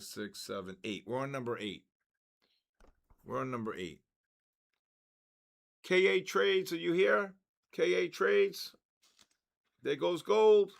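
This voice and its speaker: Older male stream host, gravelly and slow-paced, excitable, voice worn out. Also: mid-range voice. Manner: excitable, calls out chat names. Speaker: trading livestream host. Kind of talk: live trading stream chat.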